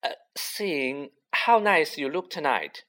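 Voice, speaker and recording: A man's voice: on the high side, expressive, fairly bright tone, pitched above the performer's own voice. A man doing an anxious teenage schoolgirl. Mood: falsely bright. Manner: quick, anxious and eager to please.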